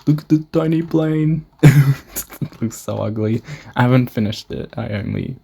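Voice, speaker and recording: A young Australian man giving a loose, rambling tour of his game creation, cursing freely and poking fun at himself. His voice is dark and mellow, with a gravelly, husky edge. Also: mid-range voice, normal speed. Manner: rambling, swears often, self-mocking. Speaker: gamer showing a build. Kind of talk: casual gameplay narration.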